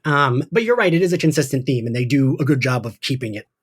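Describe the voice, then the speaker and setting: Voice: mid-range voice, animated, quick pace, breathy edge. Chatty podcast host recapping scenes. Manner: chatty, retells scenes in voices, laughs often. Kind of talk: casual podcast discussion.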